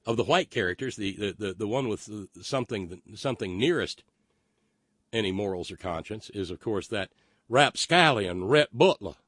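Stammering opinionated man, low dry voice. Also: lively intonation, normal speed, fairly bright tone, no echo. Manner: rambling, opinionated, stammering restarts. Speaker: live stream host reading chat. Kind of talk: casual monologue.

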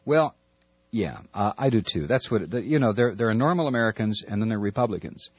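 A man's voice: lowish voice, lively intonation, a little fast, breathy edge, dry recording. A man delivering an impassioned, stammering, sarcastic political rant as a talk radio host. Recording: dull lo-fi recording.

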